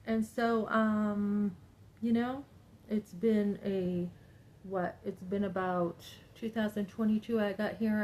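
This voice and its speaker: A woman's voice: mid-range voice, a little mellow, a little hiss or hum, poor audio. Emphatic, rambling woman in her fifties. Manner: emphatic, rambling, acts out other people's words. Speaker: vlogger. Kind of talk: personal monologue to camera.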